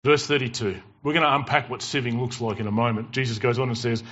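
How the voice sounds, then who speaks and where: A man preaching a sermon in church with animated, emphatic storytelling and jokes. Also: mid-range voice, fast talker, hardly any pauses. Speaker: pastor. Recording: dull lo-fi church recording.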